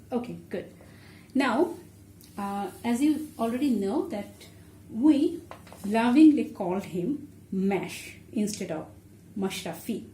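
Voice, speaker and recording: Woman teacher, unhurried and patient, step-by-step lesson delivery; roomy recording with faint ambience. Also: medium pitch, warm tone, slight background noise. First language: Bengali. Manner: patient, explaining step by step while writing. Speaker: language teacher. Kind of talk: online language lesson. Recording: echoey room with faint ambience.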